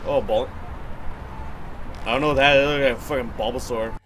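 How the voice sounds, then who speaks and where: A man's voice: mid-range voice, fairly even intonation, fairly quick, a bit bright, a little hiss or hum. A man giving casual, profane, joking commentary while playing a strange video game. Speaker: let's play host. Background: game music.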